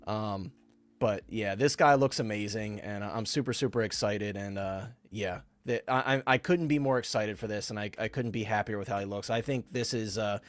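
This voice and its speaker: A man's voice: fairly low pitch, normal speed, dry recording. Rambling, eager man chatting on a live stream. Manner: enthusiastic, rambling, many fillers and restarts; reads out and answers viewer comments. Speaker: livestream co-host. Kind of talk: casual live-stream chat.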